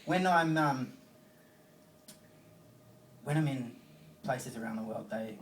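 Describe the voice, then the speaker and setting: A man's voice: mid-range voice, slow pace, slight background noise. An Australian man doing a stand-up comedy set, rambling and crude as he tells stories. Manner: rambling, crude storytelling with swearing. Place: comedy venue stage with live audience. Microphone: phone recording from the audience. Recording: distant phone recording in echoey room.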